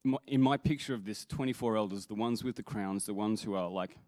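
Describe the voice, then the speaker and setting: Guy worship leader, kinda low voice, earnest sermon talk with lots of restarts, dry close sound. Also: fairly quick, a little mellow, no room sound. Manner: earnest, with hesitant restarts and emphatic quoted scripture.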